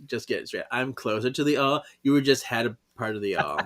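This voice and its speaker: A man's voice: medium pitch, animated, quick pace, fairly bright tone, natural voice. A man reading a comic aloud as a proud, desperate young witch woman, boastful and defiant.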